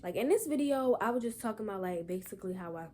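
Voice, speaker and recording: A woman's voice: mid-range voice, lively intonation, fast, very noisy. A young woman talks in an emotional personal vlog, holding back tears and rambling with many "y'all" and "like" fillers. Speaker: vlogger.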